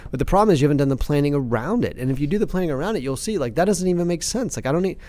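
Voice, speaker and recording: A man in passionate podcast talk, fired up and emphatic, ranting with quick restarts. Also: on the high side, expressive, a little mellow. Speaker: company CEO, podcast guest expert.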